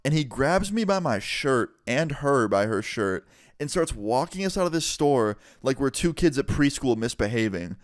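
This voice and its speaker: A man's voice: medium pitch, moderate pace, no echo, studio quality. Casual profane young man telling a story. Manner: casual, profane, animated retelling. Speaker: vlogger. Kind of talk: storytime vlog.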